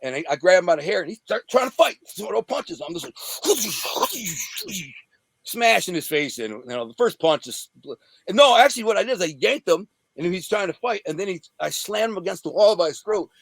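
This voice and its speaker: With a high, lively voice, vocal fry and hardly any pauses, a Detroit-area man rattles off a story as an interview guest. His casual storytelling is full of profane street slang, and he acts out each scene.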